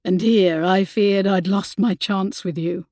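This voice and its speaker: A woman voicing a tender Regency gentleman. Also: medium pitch, steady tone, a little slow, no room sound, natural voice. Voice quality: soft and husky. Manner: gentle, heartfelt. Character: tender earnest Regency gentleman, no longer young.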